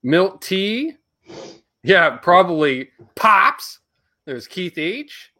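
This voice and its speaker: A man's voice: sits high, sing-song, drawn-out words, bright, forceful tone. A man hosting a casual live stream, upbeat as he reads out viewers' names from the chat. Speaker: host.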